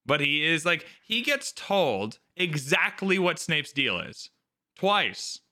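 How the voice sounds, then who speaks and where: A young man co-hosting a casual book podcast, talking in an animated, sarcastic way and mimicking characters in jokey voices. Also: on the high side, slow pace. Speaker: podcast co-host.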